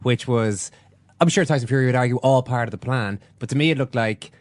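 A man's voice: mid-range voice, fairly quick, no room sound. A man with an Irish accent hosting a casual sports chat podcast in a wry, amused way. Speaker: podcast host.

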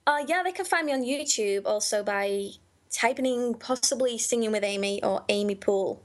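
A woman's voice: a little high, normal speed. A woman vocal coach speaking as a podcast guest in a friendly way.

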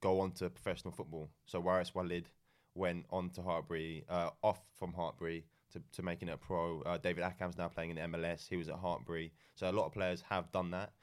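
A young man with a very low voice tells his story as a podcast guest. He rambles along in a relaxed, chatty way, full of ums and false starts. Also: fast talker, few pauses. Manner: rambling, frequent ums and restarts, laid-back. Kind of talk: casual storytelling chat.

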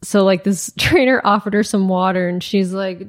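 A woman's voice: mid-range voice, moderate pace. A woman tells a long story to her co-host in easy, conversational podcast chat. She slips into the voices of the people she quotes and leans on "like" as she goes. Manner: animated retelling, acts out quoted dialogue, many "like" fillers.

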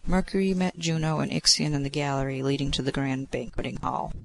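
A man narrating a classic story aloud in a measured, expressive way. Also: mid-range voice, vocal fry.

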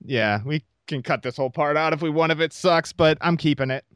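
A man in his thirties chatting casually as a podcast host, playful and quick to slip into impressions. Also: on the high side, a bit bright, clear, resonant tone, dry recording, studio quality. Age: 30s. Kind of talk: casual chat.

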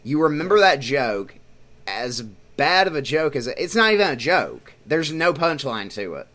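A man hosting a casual podcast, reviewing a film in animated talk full of fillers. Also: fairly high pitch, moderate pace. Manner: animated, talks through with fillers. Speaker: podcast host. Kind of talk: casual movie review chat.

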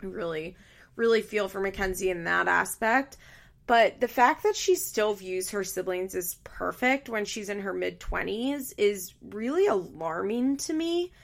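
A woman's voice: medium pitch, lively intonation, measured pace, gravelly. A woman giving casual, blunt commentary on a reality show, swearing often and sharing her opinions.

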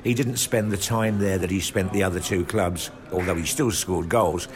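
A man's voice: sits low, fairly even intonation, normal speed. A man, a football commentator, telling an anecdote in an amused storytelling manner. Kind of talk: anecdotal interview.

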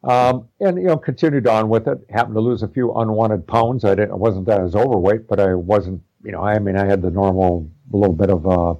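A man's voice: on the low side, a little fast, hardly any pauses, muffled recording. A middle-aged man talking casually as an interview guest, rambling with many fillers and restarts. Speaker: guest, practitioner studying naturopathy.

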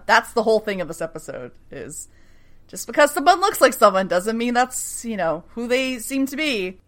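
Woman, casual podcast co-host, animated, profane, quotes lines in quick voices. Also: fairly high pitch. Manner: animated, swears freely, acts out lines in quick asides. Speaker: podcast co-host recapping a TV episode. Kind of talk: casual chat.

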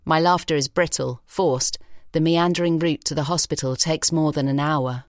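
A woman reading an audiobook story in a measured, expressive way in a recording studio. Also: deep voice, no echo. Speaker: audiobook narrator. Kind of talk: scripted narration. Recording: dry studio sound.

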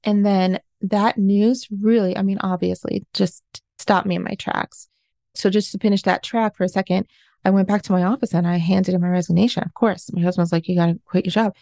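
A woman's voice: medium pitch, fairly even intonation, brisk, vocal fry, warm tone, dry recording, clean studio sound. A woman in her forties, a life coach, telling her own story in an interview in an earnest, confessional way. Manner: earnest, confessional, self-questioning.

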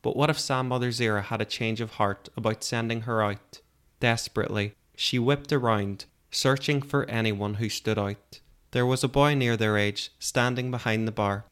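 A man narrating a fantasy story in a calm, measured audiobook style. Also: mid-range voice, clear, resonant tone.

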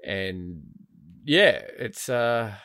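A man's voice: lowish voice, lively intonation, very slow, a bit bright, no echo, studio quality. A man chatting casually about a game, rambling, laughing and swearing, full of fillers. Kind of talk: casual gaming chat.

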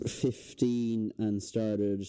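Low, dark-voiced Irish man telling stories. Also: extremely slow, a little hiss or hum. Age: young adult. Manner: relaxed storytelling with fillers. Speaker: podcast guest. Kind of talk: casual chat. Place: indoors, hotel podcast setting.

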